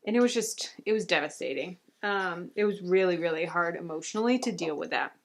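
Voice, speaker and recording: A woman's voice: lowish voice, animated, brisk. A young woman telling her birth story casually, rambling with lots of filler words and restarts. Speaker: mom vlogger.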